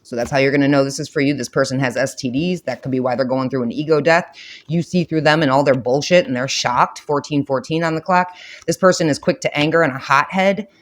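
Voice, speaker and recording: A man's voice: medium pitch, a little fast, a bit bright. A man giving a spiritual reading to camera, blunt and profane, with frequent repetition and emphatic outbursts. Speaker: tarot reader.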